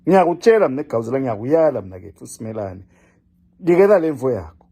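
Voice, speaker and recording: A man's voice: medium pitch, big pitch swings, a little fast, warm tone. An older man delivering a scolding, lecturing political monologue, addressing one person directly and repeating his name for emphasis. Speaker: political commentator.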